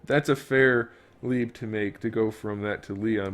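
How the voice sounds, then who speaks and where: A man's voice: lowish voice, fairly even intonation, takes it slowly, faint music behind. A man streaming his work on a toy figure, thinking aloud in casual chat and making joking asides to viewers. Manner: muttering to himself, thinking aloud. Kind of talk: casual live-stream chat while working.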